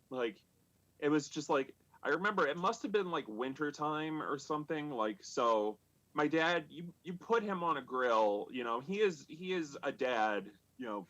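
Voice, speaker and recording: A man in his thirties spins a funny story from his childhood at a live storytelling show. He rambles and stops himself, circling back with lots of fillers and restarts. His voice sits at an ordinary middle pitch. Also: fairly bright tone, muffled recording. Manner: rambling and halting, full of "like" and restarts. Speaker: stand-up comic telling stories.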